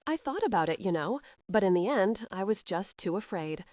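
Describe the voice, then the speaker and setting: A woman voicing a shy, timid young noblewoman who speaks in a hesitant, gentle way. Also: mid-range voice, animated, moderate pace, no room sound, studio quality, lightly acted. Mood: quiet.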